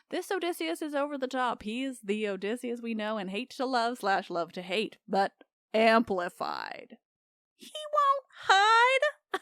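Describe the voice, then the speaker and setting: A woman's voice: a little high, a bit bright, no echo, studio quality. A woman hosting a podcast, retelling myths in a chatty, irreverent way that breaks into laughter. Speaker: podcast host. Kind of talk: comic myth retelling.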